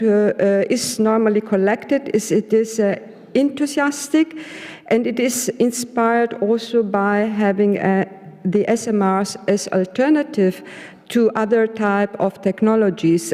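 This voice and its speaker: A woman's voice: mid-range voice, mellow. A woman heading a research unit, giving a hesitant summary of a panel at a conference with many filler sounds. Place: large conference hall. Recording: echoey conference hall.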